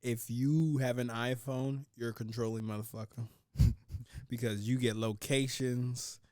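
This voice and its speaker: A man's voice: mid-range voice, steady tone, measured pace, warm tone, no echo, studio quality. A man hosting a podcast, joking, swearing and laughing in casual chat. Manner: joking and profane, laughs often. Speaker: podcast host.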